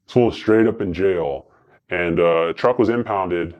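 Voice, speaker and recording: Low-voiced man telling rambling stories. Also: dull audio. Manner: rambling, profane, fast anecdotes with many fillers. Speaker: guest. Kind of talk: casual storytelling.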